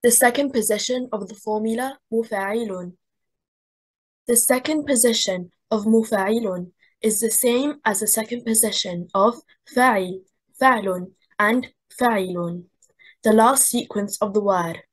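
A woman's voice: on the high side, moderate pace, husky, low-quality recording. A woman teaching a lecture on Quranic recitation stress, methodically repeating contrasting word examples.

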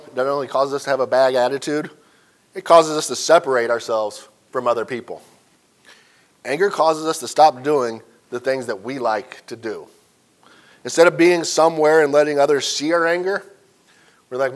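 A man from central Illinois teaching a church Sunday school lesson, telling folksy stories and asking the class questions. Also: fairly high pitch. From central Illinois, USA.

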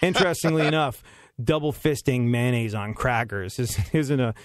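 A man's voice: medium pitch, moderate pace, dry recording, studio quality. A man hosting a casual comedy podcast, rambling through stories with frequent laughs and restarts. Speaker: podcast host.

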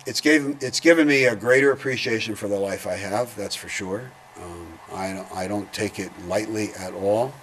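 An older man with a lowish voice recounts memories in a slow, halting, reflective way. A faint hum sits behind him. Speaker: veteran interviewee. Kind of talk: oral history interview.

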